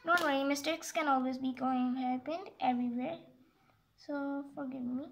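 A woman's voice: high voice, fairly even intonation, moderate pace. A woman explaining a geometry exercise step by step in a casual, rambling way, often stopping to correct herself and apologize. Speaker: math tutorial maker.

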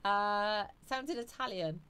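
A woman's voice: medium pitch, slow pace, sharp tone, smooth. A woman hosting a live stream, chatting casually and reading viewer comments aloud.

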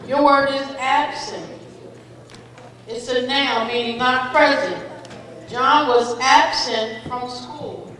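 A woman's voice: high voice, steady tone, slow pace, fairly bright tone. A woman running a spelling bee, patiently reading out each word with its definition and an example sentence, and encouraging each speller as a friend. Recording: echoey hall, voice far from the mic.

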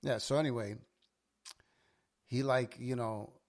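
A man's voice: medium pitch, measured pace. A man, hosting a casual podcast and telling stories with lots of swearing. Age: 40s. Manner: swears often, animated storyteller. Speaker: podcast host. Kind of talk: casual chat.

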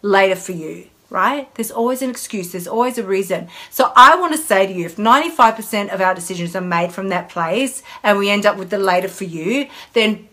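A woman hosts a laid-back live stream and chats openly about what she eats, stressing her points and voicing her inner dialogue. Her tone is a bit bright, her pitch medium, and her delivery a little fast.

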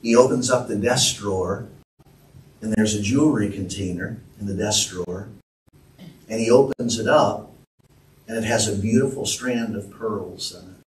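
A man's voice: lowish voice, normal speed. A male pastor preaching an earnest, emphatic sermon and calling out to his congregation. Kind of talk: sermon with storytelling. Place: church sanctuary. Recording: echoey church room from a distance.

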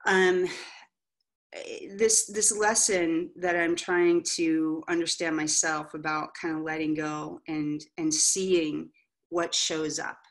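A middle-aged woman giving a candid motivational talk to an audience as an author and coach, telling stories in an animated way and checking in with the room with frequent asides. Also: deep voice, slow. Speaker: author and coach, guest speaker.

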